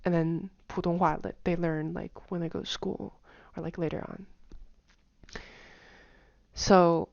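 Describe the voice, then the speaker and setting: This woman, a language teacher, gives a relaxed spoken lesson full of fillers and chatter, repeating example phrases again and again. Her voice is lowish and a little mellow, with fairly even intonation and a normal speed. The home recording sounds dull and dry, with no echo.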